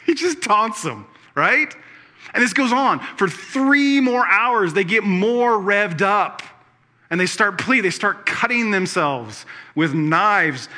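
Bright-voiced animated male preacher. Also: sits high, unhurried. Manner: animated storytelling with playful asides. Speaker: pastor. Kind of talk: sermon.

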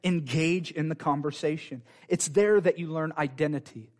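A man preaching a sermon in a fervent, conversational way, with quick asides to the congregation. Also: a little high.

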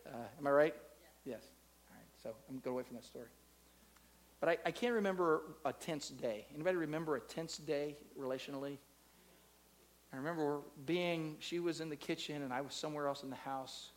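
A man preaching a sermon to a live congregation, swinging between loud, drawn-out preaching and soft, close talk, and leading the room in call-and-response. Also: fairly high pitch, slight background noise. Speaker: pastor. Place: church in front of a live congregation.

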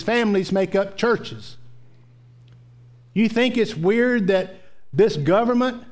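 A preacher with a fairly high voice gives a sermon. He mixes homespun storytelling with emphatic repetition. He drives his points home. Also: a little mellow. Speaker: pastor.

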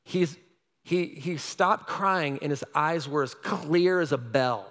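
Man, pastor, storytelling sermon, high voice, animated, loud and quiet swings, long hall reverb. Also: slow.

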